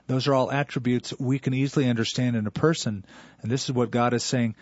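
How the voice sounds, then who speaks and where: A man's voice: mid-range voice, steady tone, fast, no echo, muffled recording. A man teaching as a radio Bible host, explaining a verse to a caller in an earnest, lecturing way.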